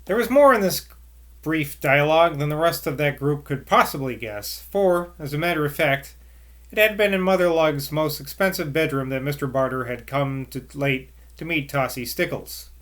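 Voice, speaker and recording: Man reading aloud, slightly high voice, steady narration, casual asides. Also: normal speed. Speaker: reader.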